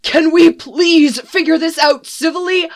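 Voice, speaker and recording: A woman voicing a young male hostage who yells and pleads to stop a fight. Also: very high-pitched, fairly even intonation, unhurried, pitched above the performer's own voice. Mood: exasperated. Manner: yelling, exasperated. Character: frantic young man hostage, pleading loudly.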